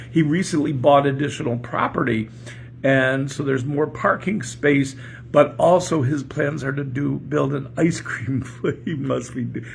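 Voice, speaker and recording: Older pastor guy rambling on the porch, gravelly voice, chuckles a lot. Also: mid-range voice, slight background noise. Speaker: pastor and podcast host. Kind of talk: casual morning chat and joke telling. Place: home porch.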